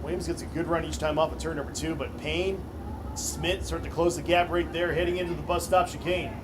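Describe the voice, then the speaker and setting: A male race announcer with a slightly high voice calls the action in clipped, rhythmic bursts. He rallies the crowd between laps and drivers. It is live commentary from a kart track. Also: steady tone, brisk, slight background noise. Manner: punchy rhythmic race calling, crowd-rousing introductions.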